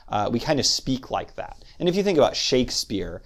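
A man hosting a poetry podcast, talking through literary criticism in a thoughtful, measured way and tapping out meters aloud. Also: medium pitch, sing-song. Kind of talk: lecture-style podcast talk.

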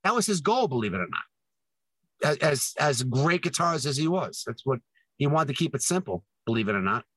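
A man's voice: mid-range voice, sing-song, fairly quick, fairly bright tone, husky, no echo, rough recording. A man co-hosting a podcast in casual chat, teasing and rambling while talking from his car. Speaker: podcast co-host.

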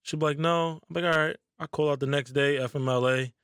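A man's voice: mid-range voice, fairly even intonation, fast talker, a bit bright, clean tone, no room sound. A man in a podcast chat who tells his stories in a laid-back way and swears freely. His voice sits in the middle range. The sound is dry and close. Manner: laid-back, profane storytelling. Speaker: podcast co-host. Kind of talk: casual chat.

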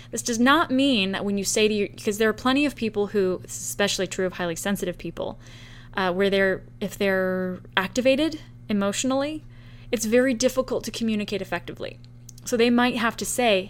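A woman hosting a solo podcast, explaining her points in a relaxed, conversational way and acting out short example quotes. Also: medium pitch, a little fast. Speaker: podcast host. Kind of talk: solo podcast talk on relationships.

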